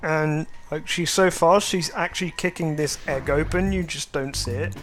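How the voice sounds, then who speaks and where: A man casually commenting on a game he is playing, hesitant and full of ums. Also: a little high. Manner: hesitant, many ums, drawn-out pauses. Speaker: let's play host. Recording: loud game music under voice. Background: game music.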